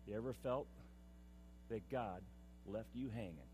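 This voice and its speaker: A man preaching a sermon, impassioned, swinging from loud declaiming to hushed, confiding tones. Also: fairly low pitch, animated, unhurried, noisy background. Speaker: pastor.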